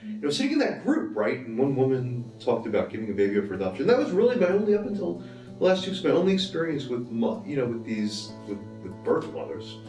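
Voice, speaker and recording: Fast, animated man. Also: mid-range voice. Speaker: adoptee. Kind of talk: documentary interview. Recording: echoey distant mic with guitar music.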